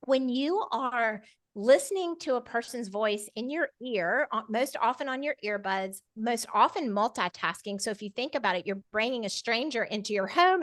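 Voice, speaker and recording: A middle-aged woman talks on a podcast as a guest. She is energetic and persuasive, her voice sits a little high, and it comes across dry and close. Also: dry recording. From Georgia, US. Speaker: podcast guest, media consultant. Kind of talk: casual interview chat.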